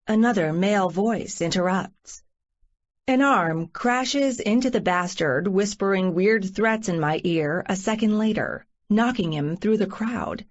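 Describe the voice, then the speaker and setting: Woman narrator, first-person romance audiobook, slow measured reading, dull lo-fi audio. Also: medium pitch. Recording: muffled lo-fi recording.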